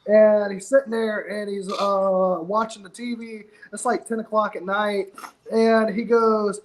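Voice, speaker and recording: A man with a notably high-pitched voice rambles through casual wrestling talk on a podcast. He swears freely and tells stories with animated energy. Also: a little slow, low-quality recording. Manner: profane, rambling, animated storytelling. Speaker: podcast co-host.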